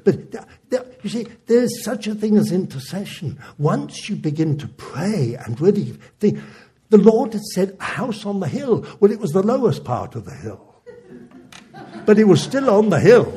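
Husky preacher, lively storytelling. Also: male voice, high-pitched. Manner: animated, chuckling storyteller. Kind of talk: sermon testimony storytelling.

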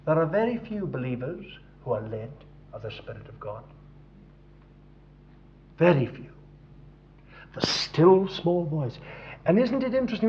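A man's voice: high-pitched, very animated, a little slow, long pauses, slight background noise. Man preaching with dramatic swings. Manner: dramatic, swings from hushed to loud emphasis. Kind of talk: sermon. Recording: dull lo-fi recording.

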